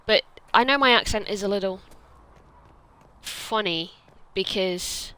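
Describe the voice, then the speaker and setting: A woman's voice: mid-range voice, slow, bright, forceful tone, smooth. A young woman with a Welsh accent, chatting and joking while hosting a let's play. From Wales. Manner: chatty, jokey. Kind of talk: casual gaming commentary.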